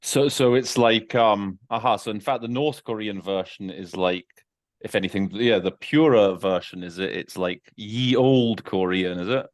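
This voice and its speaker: A man's voice: lowish voice, normal speed. A man hosting a podcast interview, who listens closely, affirms often and asks curious follow-up questions. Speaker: podcast host.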